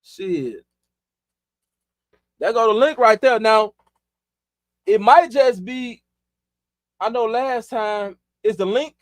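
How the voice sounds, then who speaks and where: A man's voice: high voice, expressive, slow, pauses often, dry recording, studio quality. A man from Chicago hosting a live stream, chatting loosely in profane street slang and laughing often. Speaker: livestream host. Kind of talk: casual live-stream chat.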